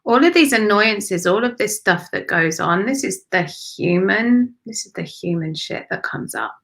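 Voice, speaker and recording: A woman doing live spiritual readings for viewers, speaking softly and affectionately, with sighs and drifts into whispers. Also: mid-range voice, rough recording. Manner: emotional, breathy sighs and gushing warmth. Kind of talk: live-streamed channelled readings.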